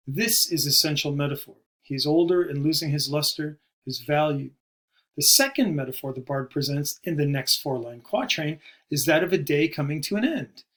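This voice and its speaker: A man giving a recorded poetry lesson, explaining terms in a measured way and slowing down to stress key words. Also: on the high side, expressive, a bit bright. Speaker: poetry teacher. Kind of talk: recorded video lecture.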